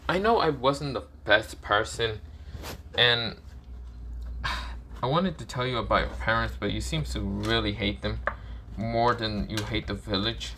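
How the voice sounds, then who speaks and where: A man's voice: fairly low pitch, a little slow, pauses often, pushed and bright, a little hiss or hum. A man doing a laid-back, coaxing ninja teacher. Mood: easygoing. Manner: easygoing, persuasive.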